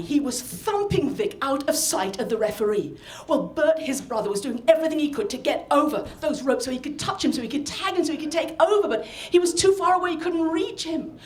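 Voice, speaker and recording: A woman from the north of England, performing a personal story live with animated, dramatic delivery. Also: high voice, roomy sound. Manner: animated, dramatic, acts out scenes. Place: storytelling event venue.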